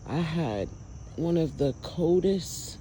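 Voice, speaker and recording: Slow-talking awed man outdoors at night. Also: on the high side, lively intonation, dark tone, a little hiss or hum, rough recording. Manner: awed, emotional, exclaiming, drawn-out. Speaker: vlogger filming lights at night. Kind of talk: excited casual commentary to viewers.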